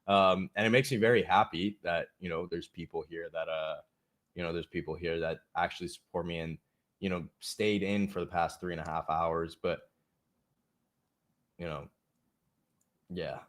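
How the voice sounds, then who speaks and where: A man's voice: deep voice, steady tone, moderate pace, long pauses, fairly bright tone. A man hosting a casual livestream chat. He talks bluntly and swears often, ranting straight at his viewers. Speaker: livestream host.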